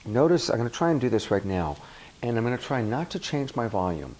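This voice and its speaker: A male coach speaking to a workshop audience in a lively, swooping voice. He checks in with the room often and acts out little examples as he explains. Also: medium pitch, brisk, a little hiss or hum, rough recording. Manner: animated, asks the audience questions, acts out examples. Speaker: relationship coach. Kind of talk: workshop talk to a live audience.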